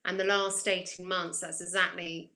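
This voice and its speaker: A woman's voice: on the low side, flat delivery, moderate pace, bright, forceful tone, poor audio. A woman working as an intuitive coach, talking reflectively on a spiritual chat show and posing questions to listeners. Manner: reflective, asks questions back. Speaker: intuitive coach and guest reader. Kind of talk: casual chat.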